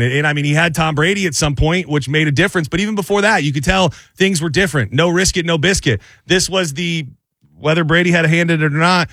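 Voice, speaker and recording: A sports talk host, a man, giving animated, opinionated takes on football. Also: fairly high pitch, no echo.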